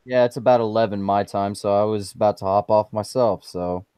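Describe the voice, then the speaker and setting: A man's voice: fairly low pitch, fairly even intonation, fairly quick, over a noisy crowd. A man guest in a casual online chat, ranting with lots of swearing. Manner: profane, ranting. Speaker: podcast guest.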